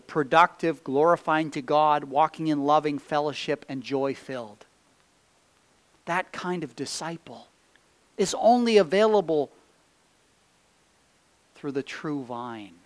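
A man preaching a sermon, reading scripture aloud and swinging between loud emphatic peaks and hushed low phrases. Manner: slow, deliberate delivery reading scripture aloud.

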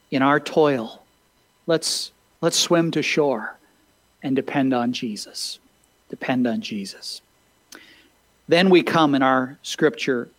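A man's voice: medium pitch, no room sound, poor audio. A man pastor preaching a sermon, reading scripture and asking listeners rhetorical questions, with frequent "uh" fillers.

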